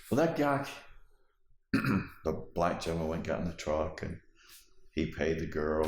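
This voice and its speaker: Guy with a really low voice telling a story from his life, doing all the voices, roomy echo. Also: moderate pace, a little mellow. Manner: vivid storyteller acting out dialogue. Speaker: interviewee. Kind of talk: personal storytelling.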